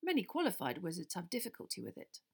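A calm, kindly male wizard teacher, voiced by a woman reading aloud, explaining things patiently and evenly. The delivery stays measured, close to the reader's own voice. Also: lowish voice, full character voice. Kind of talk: audiobook character voice.

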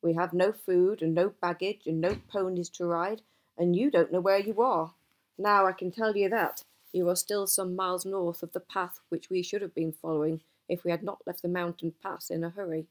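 A woman voicing an old male wizard who is gruff and easily cross, talking emphatically in a storybook reading. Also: fairly low pitch, steady tone, normal speed, natural voice. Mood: grave. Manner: emphatic, exasperated outbursts.

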